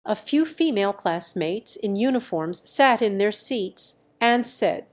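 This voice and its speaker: A woman narrates a romance audiobook at an unhurried, deliberate pace. Her voice sits at a middling pitch, and the reading is scripted and even.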